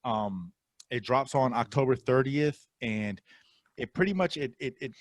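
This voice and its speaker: A man's voice: mid-range voice, unhurried, dry recording, studio quality. Laid-back man rambling through film news. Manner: relaxed, rambling with many fillers and restarts. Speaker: podcast co-host presenting film trailers. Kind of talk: casual chat.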